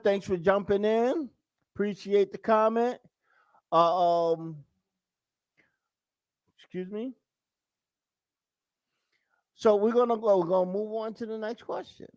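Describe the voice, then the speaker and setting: A man's voice: sits high, no echo. Chatty man hosting a live talk show. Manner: conversational, acts out quick quoted voices, repeats himself. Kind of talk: casual live-stream commentary.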